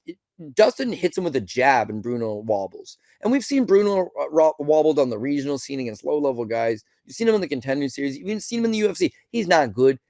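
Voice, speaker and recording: A man's voice: on the high side, darkish tone, no room sound. A man hosting a podcast, recapping fights in a blunt, exasperated rant full of rhetorical questions and swearing. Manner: rhetorical questions, mimics people mid-rant. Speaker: podcast host. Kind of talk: solo fight recap commentary.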